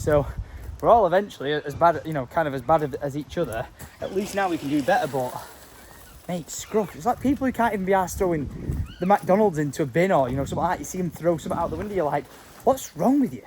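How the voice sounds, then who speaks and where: A young man chatting casually while vlogging outdoors on a farm, with excited outbursts and casual swearing. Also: on the high side, a little hiss or hum. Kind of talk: casual vlog chat.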